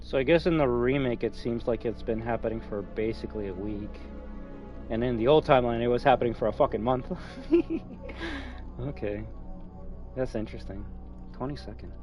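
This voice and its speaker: A man's voice: mid-range voice, normal speed, long pauses, highs cut off, faint music behind. A man streaming a game, chatting casually with nerdy asides and plenty of swearing. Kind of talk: casual gameplay commentary.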